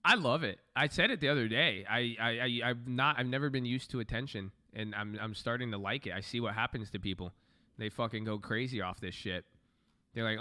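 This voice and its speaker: A man riffs loosely through a live trading stream, thinking aloud, joking and swearing. His voice is bright and forward, and his pitch is moderate for a man. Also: brisk.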